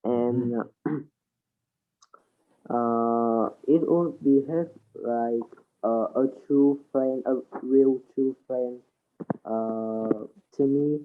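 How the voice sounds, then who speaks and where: A man answering a speaking test question for his English class, hesitant and full of pauses. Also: mid-range voice, steady tone, narrow, tinny audio. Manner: hesitant, many pauses and uh fillers. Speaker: student.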